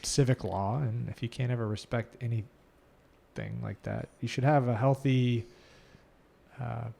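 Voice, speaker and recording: A man hosting a podcast, talking in a casual, opinionated way and telling stories in a lively manner. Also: medium pitch, a little slow, creaky. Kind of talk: casual conversation.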